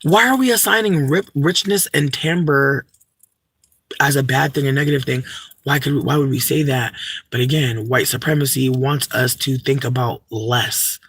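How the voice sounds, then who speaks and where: A man's voice: medium pitch, steady tone, unhurried, fairly bright tone, slightly rough, dry recording, clean studio sound. A young man talking casually to a livestream chat, ranting emphatically with lots of swearing and restarts. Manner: profane, emphatic, many fillers and restarts.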